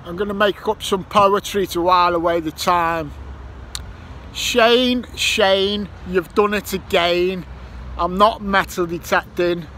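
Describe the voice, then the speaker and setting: The speaker is a male Irish metal detecting vlogger with a high, bright voice and fairly even intonation, talking slowly and swearing freely. Recorded outdoors by a roundabout near a petrol station, his casual monologue mixes grumbling with improvised rhymes over faint passing traffic.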